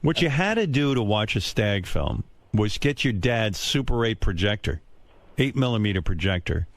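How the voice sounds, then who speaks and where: A man's voice: on the low side, animated, moderate pace, no echo. A man hosting a radio show, telling a long story in a casual, profane, self-mocking way into a studio microphone. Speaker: radio host.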